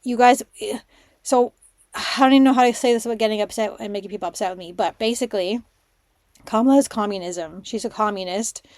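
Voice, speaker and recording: Talking quickly at a medium pitch, a spiritual mentor from Canada hosts a casual monologue podcast, telling stories in an excitable, rambling way. She slips into a hushed voice whenever she shares what she was thinking. The recording is dry.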